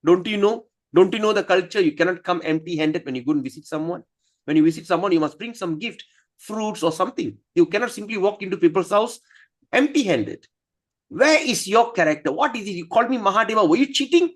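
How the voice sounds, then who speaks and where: A man playing a mighty male god in a rage, his voice climbing higher and louder with each rhetorical question. The scolding rises in waves of bluster. It is told as a tale in a scripture class. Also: expressive, a little slow, few pauses, exaggerated voice. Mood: furious.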